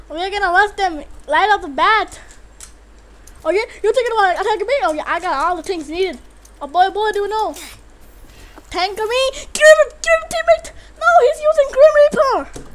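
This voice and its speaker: A woman giving live gameplay commentary, excitable and trash-talking, yelling at opponents and teammates between quieter muttering. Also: high voice, a little hiss or hum. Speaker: gamer commentator.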